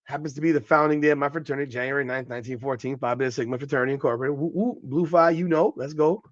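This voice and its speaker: A man's voice: medium pitch, very fast, no echo, highs cut off. A man hosting a podcast, giving casual, profane and incredulous commentary. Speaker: podcast host.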